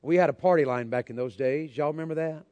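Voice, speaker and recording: A man's voice: fairly high pitch, fast, a little mellow, smooth. A man preaching a sermon, telling a folksy, joking story and addressing the crowd directly.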